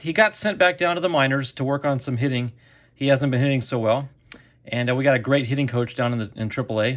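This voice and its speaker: A man's voice: mid-range voice, fairly bright tone. A middle-aged man casually telling a story to camera as the host of a card collecting channel, chatty and acting out quotes.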